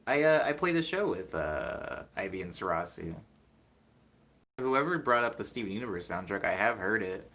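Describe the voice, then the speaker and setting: A man's voice: fairly low pitch, sing-song, moderate pace, pushed and bright. Rambling young man streaming from his room. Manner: rambling, self-correcting, reads comments aloud. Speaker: streamer reading chat. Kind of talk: casual live-stream chat. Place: small bedroom.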